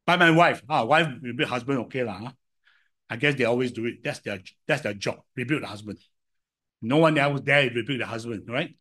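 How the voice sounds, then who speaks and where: An older man with a Singaporean English accent preaching a sermon, telling stories and swinging from loud to soft. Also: mid-range voice. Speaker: pastor.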